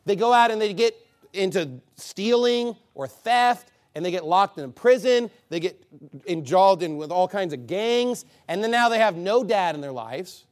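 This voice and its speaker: Blunt high-voiced man preaching. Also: lively intonation, a little slow. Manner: blunt, scolding, swings between loud emphasis and low asides. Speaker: pastor. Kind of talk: sermon.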